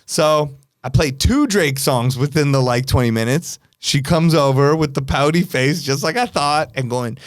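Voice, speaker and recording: A man hosting a podcast, telling a long club story in a casual, animated way with frequent laughs. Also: a little high, normal speed, few pauses, no echo, studio quality. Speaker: podcast host.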